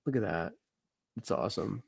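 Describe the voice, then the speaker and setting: A man's voice: lowish voice, normal speed, creaky, a little mellow, husky, no room sound. A man who is a comic artist, hosting a casual, enthusiastic chat about comics, full of slang and casual swearing.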